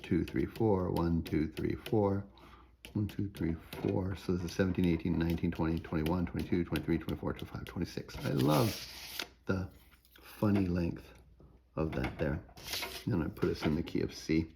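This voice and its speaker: A man's voice: low voice, moderate pace, vocal fry, dark tone, slight background noise. A man teaching music theory in a recorded lecture, thinking aloud as he works through an example, often checking in with "right?" and now and then singing a tune in nonsense syllables. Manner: frequent tag questions.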